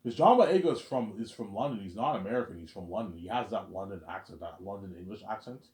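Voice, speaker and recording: Low-voiced man rambling in a roomy space. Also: animated, fast talker, darkish tone. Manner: rambling and repetitive, lots of "obviously" and "you know what I'm saying". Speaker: vlogger. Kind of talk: casual rambling monologue. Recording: roomy echo.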